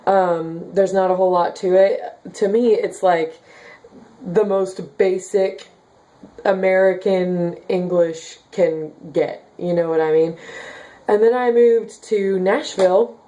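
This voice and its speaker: Brief: young woman vlogger, Midwestern base with a light Southern lilt, mellow tone, chatty and filler-heavy. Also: fairly low pitch, fairly even intonation, slow pace. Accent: slight Southern with Midwestern base. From Kansas. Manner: chatty, many "like" and "um" fillers, giggly. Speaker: vlogger reading viewer comments. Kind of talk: casual chat.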